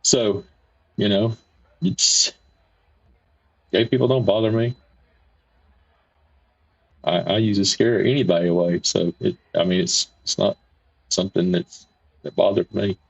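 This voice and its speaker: Gravelly man chatting on stream. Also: on the low side, measured pace, pauses often. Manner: rambling, folksy, repeats himself. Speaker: livestream host. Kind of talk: casual livestream chat reading viewer comments. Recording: dull lo-fi stream audio.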